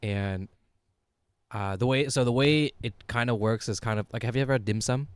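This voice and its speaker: A man's voice: medium pitch, moderate pace, smooth, dry recording. A young man, a podcast co-host, rambling through a funny story in casual chat, laughing and swearing freely. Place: small podcast studio.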